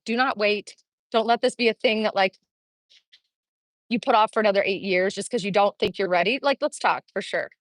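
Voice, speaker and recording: A woman's voice: mid-range voice, no echo. A woman in her forties, out of breath, chatting while she walks a street outdoors and livestreams from a handheld phone, answering viewer comments. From Kansas City, Missouri. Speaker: Las Vegas real estate vlogger. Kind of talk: live-streamed walking vlog. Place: outdoor street, in summer heat. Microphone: phone held while walking.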